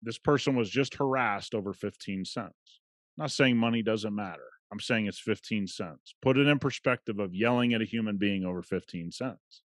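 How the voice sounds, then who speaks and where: Man, podcast host, casual monologue, storytelling, emphatic, middle pitch, dry sound. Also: no room sound. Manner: conversational storyteller, emphatic at times.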